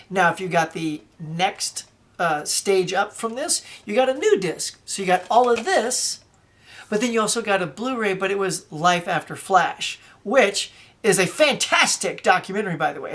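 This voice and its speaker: A woman's voice: medium pitch, a little hiss or hum. A woman, chatting casually while showing off her movie collection, wandering off topic now and then. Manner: chatty, animated, says "y'all", wanders off topic. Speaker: collector vlogger. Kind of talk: casual show-and-tell vlog.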